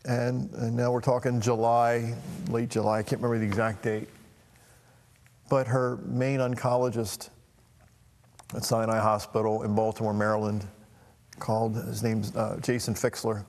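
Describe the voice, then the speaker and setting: A middle-aged man telling a personal family story in a halting, emotional way, with frequent restarts. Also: mid-range voice, a little mellow, long reverb tail. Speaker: talk show host.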